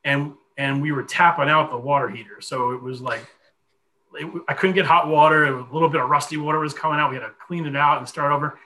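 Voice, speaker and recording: A man in his forties telling a long personal story in a podcast conversation, animated and full of fillers. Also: on the high side, quick pace, slight background noise, poor audio. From Connecticut. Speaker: guest.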